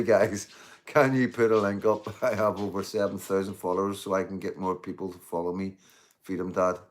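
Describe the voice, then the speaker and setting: A man in his fifties with a Northern Irish accent, chatting casually on a live stream, rambling and earnest and swearing freely. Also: lowish voice.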